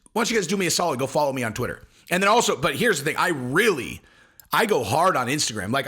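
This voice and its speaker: A man's voice: on the high side, bright, forceful tone, breathy edge. A man ranting casually to camera as an online commentator, rambling and crude, often cutting himself off mid-sentence. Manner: rambling, crude, self-interrupting. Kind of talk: casual video rant.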